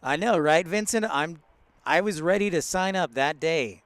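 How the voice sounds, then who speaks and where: A man's voice: a little high, moderate pace, fairly bright tone, clean tone, dry recording. A man hosting a casual live stream from outdoors at a large airport, chatting with viewers, greeting them by name and laughing often. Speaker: live-stream host, plane spotter.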